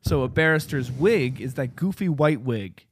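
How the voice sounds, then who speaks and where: A man's voice: mid-range voice, expressive, moderate pace, slight background noise. A man co-hosting a casual comedy podcast, explaining a topic with jokes and lots of filler words. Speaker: podcast co-host presenting a topic.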